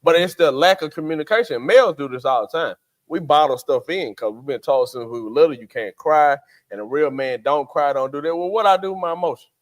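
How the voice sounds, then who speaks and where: A man's voice: a little high, quick pace. A man, co-hosting a faith podcast in casual chat, acting out quotes in character voices. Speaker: podcast co-host.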